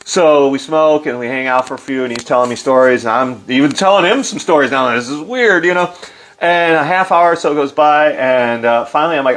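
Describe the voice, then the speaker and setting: A middle-aged man with an animated storytelling manner, loose and full of fillers, acting out quotes in a livelier voice. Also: medium pitch, a little fast. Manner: loose, filler-heavy delivery. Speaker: interview guest. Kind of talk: casual storytelling.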